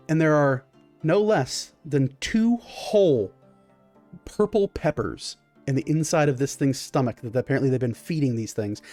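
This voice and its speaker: As game master of a tabletop game, a man narrates vivid, slightly gross scenes in a loose, improvised flow full of fillers. His voice is a little above typical male pitch with a dark tone, and faint music plays underneath.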